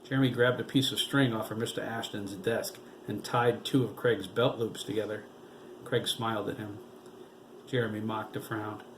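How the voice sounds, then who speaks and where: A man narrating a novel aloud in a steady storytelling voice. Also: on the low side, normal speed, a little hiss or hum, rough recording. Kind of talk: audiobook reading.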